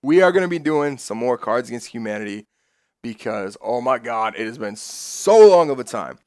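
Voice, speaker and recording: Male streamer, casual chat, excitable swearing storyteller, dry mic. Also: mid-range voice, moderate pace, no room sound.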